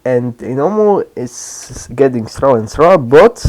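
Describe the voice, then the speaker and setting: A man spins an improvised fan story at an unhurried, slow pace, rambling and stopping to correct himself. His pitch sits at an ordinary middle level. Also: lively intonation, a little mellow. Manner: rambling, halting, with restarts and self-corrections.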